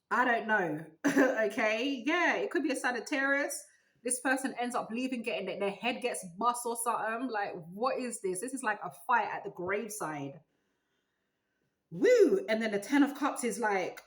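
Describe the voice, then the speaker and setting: A woman giving a tarot reading, musing aloud in a loose, animated way. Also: mid-range voice, poor audio. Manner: animated, musing aloud, breaks into sung gospel snippets. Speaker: tarot reader.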